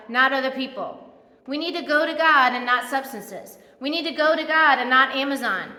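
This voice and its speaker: Bright-voiced woman preaching in an echoey hall. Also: high voice. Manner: conversational, folksy preaching with acted-out quotes. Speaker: pastor. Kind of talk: sermon. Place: church.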